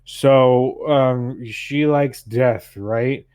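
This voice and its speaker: Loud, crude, slurring drunkard, put on by a male game master; sneering and rowdy. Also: mid-range voice, fairly even intonation, extremely slow, clean tone, voice pushed up. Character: belligerent drunk human man, swearing.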